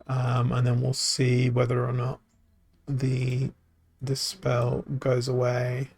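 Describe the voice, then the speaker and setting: Tired gravelly guy mumbling thru a card game stream, slow and halting, pokes fun at himself. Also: mid-range voice, completely flat delivery, darkish tone, no room sound. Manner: halting, self-mocking, thinking aloud. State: tired, worn voice. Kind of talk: casual live-stream commentary.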